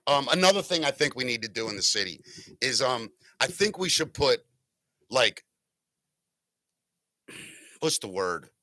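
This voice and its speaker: A man's voice: mid-range voice, big pitch swings, a little slow, pauses often, bright, forceful tone, no room sound. A man hosting a casual talk show, telling a rambling, jokey story and correcting himself as he goes. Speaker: podcast host.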